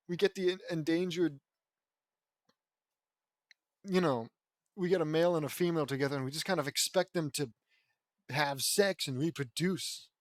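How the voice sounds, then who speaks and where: A man's voice: a little high, moderate pace, pauses often, no room sound, clean studio sound. A man casually reading a fan fiction story aloud, stumbling over words, swearing and breaking off for joking asides.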